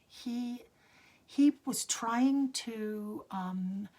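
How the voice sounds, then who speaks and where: A woman in her sixties telling a personal story, often sinking into a hushed whisper as she talks. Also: on the high side, very slow. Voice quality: husky, gravelly.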